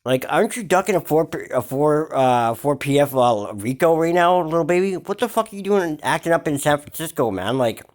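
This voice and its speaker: A man's voice: a little high, animated, normal speed, few pauses. A man hosting a hip-hop gossip vlog, ranting in a mocking tone full of slang, swearing and fillers. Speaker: vlog host. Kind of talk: profane hip-hop gossip commentary rant.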